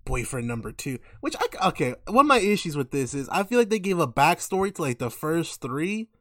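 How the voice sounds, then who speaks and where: Excitable young man, dry close sound. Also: a little high, brisk, no room sound. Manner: excitable, swears freely, laughs through his own stories. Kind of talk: casual movie discussion.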